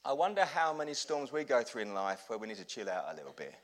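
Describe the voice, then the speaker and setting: A man preaching a sermon as pastor, telling stories with humor, swinging from loud bursts to hushed lows. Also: very animated, fast talker.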